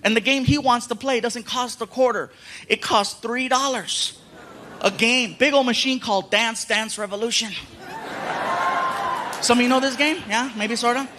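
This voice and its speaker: A middle-aged man performing stand-up comedy, telling stories on stage with animated voices. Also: extremely high pitch, moderate pace, a little hiss or hum. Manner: animated storytelling, frequent voices.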